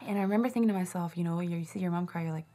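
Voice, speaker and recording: A woman's voice: lowish voice, very fast, a crowd in the background, background noise. A woman in a documentary interview, telling a personal story reflectively with casual fillers.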